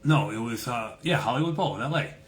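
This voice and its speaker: A man's voice: medium pitch, expressive, fast talker. A man hosting a casual chat, telling a story in a profane, swaggering way and acting out the people in it. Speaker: host.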